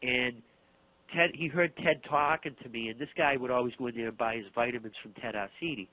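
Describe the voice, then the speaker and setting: A middle-aged Boston-area martial arts instructor tells stories in an interview, animated, acting out the dialogue and repeating words. His mid-range voice moves a little fast, and the recording is dry and of poor quality.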